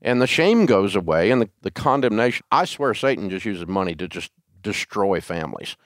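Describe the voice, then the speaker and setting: A man's voice: fairly low pitch, brisk, no room sound, clean studio sound. An older man, a radio host, telling stories in a folksy, emphatic way during a casual interview. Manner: animated storyteller, folksy, emphatic.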